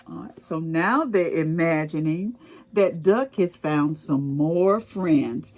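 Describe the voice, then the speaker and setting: A woman reading a picture book aloud to preschoolers, explaining words and asking the children questions as she goes. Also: low voice. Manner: expressive, slow and explaining to children. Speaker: children's storytime reader.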